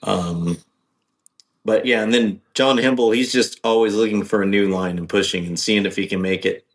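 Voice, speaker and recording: A man's voice: on the low side, fairly even intonation, normal speed. A man guesting on a podcast, talking casually in a rambling, hesitant way with many ums and restarts. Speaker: podcast guest, off-road driver.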